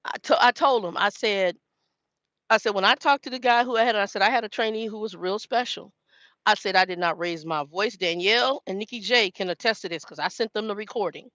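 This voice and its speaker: A woman's voice: mid-range voice, a little fast, a bit bright, no room sound. Woman, 50s, trucker vlogger, storyteller who quotes herself, dry slightly dull recording. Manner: chatty storytelling, quoting herself. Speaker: truck driver trainer. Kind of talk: casual chat to viewers.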